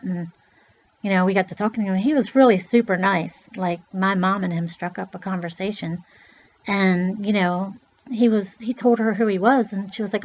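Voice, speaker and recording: A woman's voice: mid-range voice, normal speed. Chatty middle-aged woman telling a story. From Pennsylvania. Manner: chatty, loose, swears, acts out voices in quotes. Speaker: vlogger. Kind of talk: rambling personal storytelling. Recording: dull lo-fi recording.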